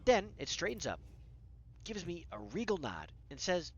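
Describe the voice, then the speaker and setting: A narrator telling a whimsical story as a casual, conversational voice-over, animated with dramatic pauses. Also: medium pitch, dull audio, slight background noise.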